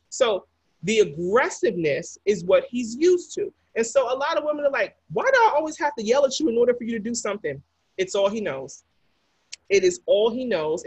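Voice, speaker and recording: On a podcast, a woman with a mid-range voice and a slightly husky, breathy edge talks through relationship patterns, pressing into each point and repeating key phrases for emphasis. The recording is close and dry, with no room sound around her.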